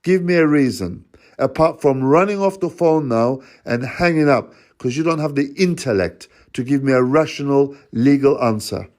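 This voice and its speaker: A man's voice: medium pitch, normal speed, a little mellow. A father on a phone call, accusing and confronting the person on the line in a heated rant. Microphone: phone call recording.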